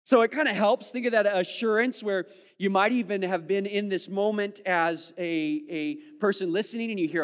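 A man preaching a sermon, voicing his listeners' doubts in quick asides, then slowing and dropping to a hush before rising again. His voice sits a little higher than most men's. The sound carries the long reverb of a large church hall. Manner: animated, acts out listeners' voices, swings from loud to hushed. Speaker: pastor.

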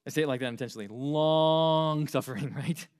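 A young adult man from the United States preaching an earnest sermon to young people, swinging between loud emphasis and quiet asides. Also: mid-range voice, very fast. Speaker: youth pastor.

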